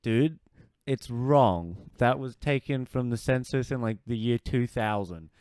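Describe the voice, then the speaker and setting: A young man from Australia co-hosting a podcast, chatting casually, laughing often and telling animated stories. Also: medium pitch, measured pace, clear, resonant tone, dry recording, clean studio sound. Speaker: podcast co-host.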